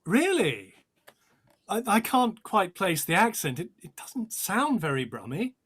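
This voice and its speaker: A performer on a video call, briskly steering the rehearsal with a few hesitant restarts. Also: mid-range voice, very animated, fairly bright tone, husky.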